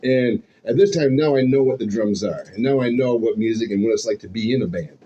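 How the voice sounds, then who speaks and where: A middle-aged man tells a long, animated story and breaks into laughter between lines. His voice is warm and mellow. The recording sounds a little dull, with a faint hum underneath. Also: mid-range voice, fairly quick. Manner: animated, laughs often, acts out quoted voices. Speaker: musician guest. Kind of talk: storytelling in a casual interview.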